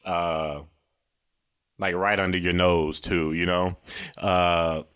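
A man's voice: sits low, level tone, takes it slowly, fairly bright tone, clear, resonant tone. Loose, laughing man podcasting from a car. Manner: loose, profane, laughs often and mimics silly voices. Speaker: podcast host. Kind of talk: casual comedic monologue.

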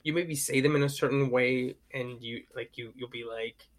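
A man's voice: medium pitch, steady tone, normal speed. A man around thirty in casual chat, rambling enthusiastically and swearing freely.

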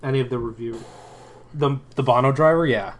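A man's voice: mid-range voice, a little fast. A man chatting casually as a podcast co-host, wry and joking, with the odd curse. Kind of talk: casual fan chat.

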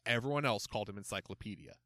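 A man reading a children's mystery story aloud in an expressive, animated way. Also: fairly low pitch, rapid-fire, dry recording. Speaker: narrator.

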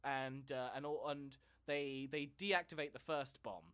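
A man's voice: mid-range voice, steady tone, measured pace, fairly bright tone, smooth. A man co-hosting a comedy podcast, telling a story casually, often repeating words as he goes and laughing. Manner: stammering repetitions, frequent laughs. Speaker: podcast co-host.

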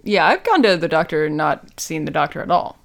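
A woman with a gravelly, brisk, very animated voice co-hosts a podcast, casually and playfully recapping a TV episode. She jokes around and performs quotes with big swings in pitch.

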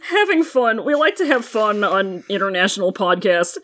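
Lively, sweary woman podcaster. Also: mid-range voice, moderate pace, a crowd in the background. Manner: sweary, laughs often. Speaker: podcast co-host. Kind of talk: casual podcast chat. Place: same room as co-hosts. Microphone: one shared microphone.

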